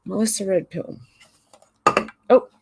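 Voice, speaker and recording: A woman's voice: medium pitch, fairly even intonation, slow, gravelly, dark tone, breathy edge. A middle-aged Australian woman hosting a casual live stream, chatting loosely and reacting with exasperated asides while reading viewer comments aloud.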